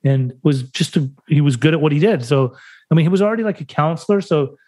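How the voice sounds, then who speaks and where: Speaking fast in a slightly high, somewhat mellow voice, this American man from Salt Lake City opens up emotionally as a podcast guest. He curses without holding back and performs the dialogue as he recounts his story in conversation.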